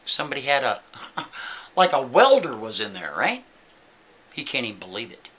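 A man telling a story to his audience in a casual, chatty way. His voice is bright and forceful, and his pitch swings widely as he adds animated asides. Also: moderate pace.

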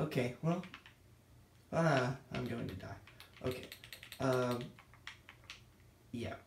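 A man rambling scattered gameplay commentary as a channel host, self-deprecating and thinking out loud, a bit winded. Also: mid-range voice, creaky, roomy sound, a little hiss or hum.

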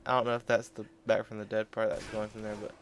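A man's voice: lowish voice, completely flat delivery, brisk, no room sound. A young man giving rambling, offhand and joking commentary while playing a video game. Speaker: gameplay commentator. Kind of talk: casual gaming commentary.

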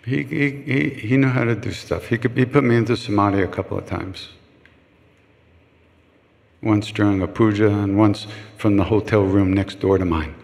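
A creaky, slightly mellow, fairly low male voice at a moderate pace comes from an older chant leader fielding questions. Before a live audience in a reverberant retreat hall, he spins frank, funny anecdotes and performs the voices of those he quotes.

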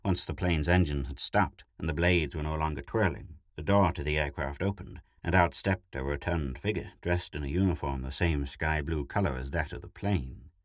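A man narrating a science fiction short story in a steady, measured reading style. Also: a bass voice, dry recording, studio quality.

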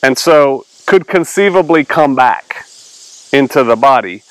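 A man's voice: mid-range voice, lively intonation, a little slow, dry recording, poor audio. A male pastor giving a casual Bible teaching, reading verses aloud and explaining them in a conversational way.

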